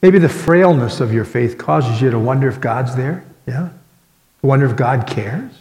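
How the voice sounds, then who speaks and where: A man preaching a sermon as pastor, earnest, with dramatic pauses. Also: medium pitch, expressive, a little mellow. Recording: echoey hall with long reverb.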